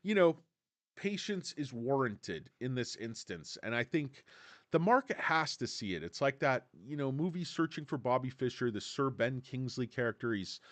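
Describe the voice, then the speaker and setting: Male streamer, lively swinging pitch, dry close mic, sarcastic casual rant. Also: moderate pace, no echo. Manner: animated, sarcastic, mocks analysts with put-on voices. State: tired. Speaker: stock commentary livestream host.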